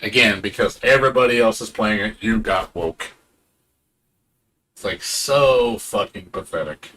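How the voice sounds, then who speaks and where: A man's voice: fairly low pitch, a little slow, sharp tone, a little hiss or hum. A man streaming a game, ranting in a casual, profane and sarcastic way, now and then mocking other people in put-on voices.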